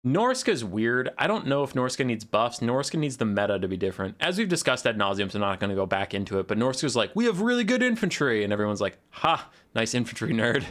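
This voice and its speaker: A man's voice: fairly low pitch, fairly bright tone. Rambling, sarcastic male game streamer. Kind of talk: casual live stream commentary.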